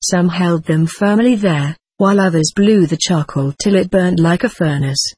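A woman reads a first-person story aloud in a steady, dramatic way. Her voice is husky and somewhat low, recorded close in a dry room with no echo. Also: normal speed. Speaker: audiobook reader.

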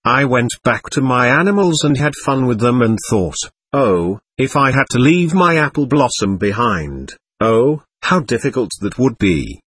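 A man telling a first-person story in a slow, measured way, pausing to say "dot" after sentences as if dictating. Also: mid-range voice, expressive, a bit bright, husky, dry recording. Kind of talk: first-person spoken narration.

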